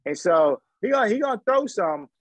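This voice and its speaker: Former pro athlete guest, thirties, loose slangy storytelling, husky, dry close mic. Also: male voice, high voice, brisk, no room sound, low-quality recording. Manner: animated, slangy storyteller acting out quoted dialogue. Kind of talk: casual interview storytelling.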